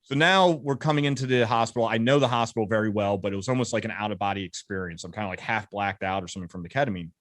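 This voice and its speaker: Guy in his 30s rattling off war stories fast, lowish voice, dry close sound. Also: fairly bright tone, dry recording. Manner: brisk, vivid war storytelling with quoted dialogue. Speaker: interview guest, combat veteran. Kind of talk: casual storytelling interview.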